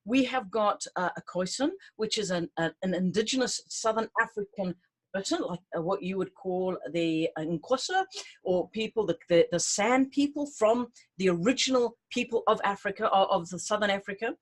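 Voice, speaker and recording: A woman's voice: medium pitch, expressive, normal speed. A middle-aged woman hosting, chatting enthusiastically and informally about an upcoming tour, with many fillers and restarts. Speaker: tour host. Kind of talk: casual promotional talk to camera.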